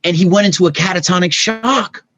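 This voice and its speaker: Speaking fairly quickly in a high-pitched voice, a middle-aged man on a podcast shares stories casually as a guest, acting them out with sound effects and becoming soft and thoughtful during emotional parts.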